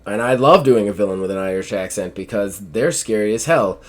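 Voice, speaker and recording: A man's voice: on the low side, brisk. A man co-hosting a casual gaming podcast, talking in a loose, laid-back way with lots of fillers.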